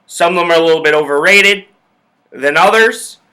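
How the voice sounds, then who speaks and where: Young male sports-talk host, bright forceful tone, profane ranting delivery, slightly higher voice. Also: normal speed. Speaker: podcast host.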